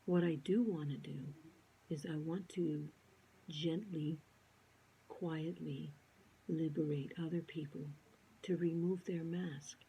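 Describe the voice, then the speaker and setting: A woman's voice: deep voice, a little hiss or hum, poor audio. A woman telling a personal story to camera, acting out quoted lines and often dropping into a whisper. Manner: animated, acts out quotes, often drops to a whisper. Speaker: vlogger.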